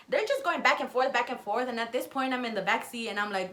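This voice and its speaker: Animated, profane young woman vlogger. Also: a little high, fast talker, few pauses. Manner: animated, profane, acting out quotes. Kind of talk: casual storytime.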